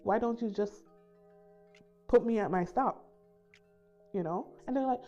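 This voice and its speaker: A woman from the Caribbean tells a story to her viewers in a relaxed, mellow voice. She jumps into the voices of the people she quotes. Soft music plays behind her, and the recording sounds a little muffled. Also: a little high, unhurried, pauses often. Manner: animated, acts out voices in quotes. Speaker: storytime YouTuber. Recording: slightly dull recording with soft background music.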